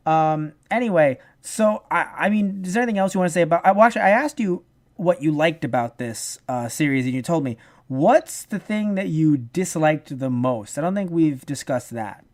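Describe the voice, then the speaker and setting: A man co-hosting a casual review podcast. He talks in an animated way, swears, restarts his sentences and acts out the lines he quotes. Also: fairly high pitch, moderate pace. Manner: profane. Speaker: podcast co-host.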